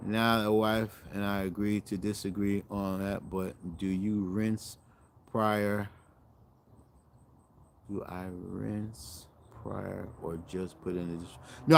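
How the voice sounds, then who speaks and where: A man's voice: lowish voice, a little hiss or hum. A middle-aged man hosting a cooking channel, chatting casually to viewers in a rambling, self-correcting way and animating his stories.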